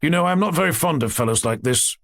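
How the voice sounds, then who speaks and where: A man voicing a stern, irritable aristocratic father who speaks gruffly and sarcastically. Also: fairly high pitch, animated, fast talker, a bit bright, no room sound, voice pushed up.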